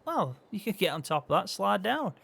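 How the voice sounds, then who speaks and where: A man's voice: high-pitched, normal speed, vocal fry, breathy edge. A man hosting a farming game role-play, bantering cheekily with a friend. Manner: cheeky, teasing, lively banter.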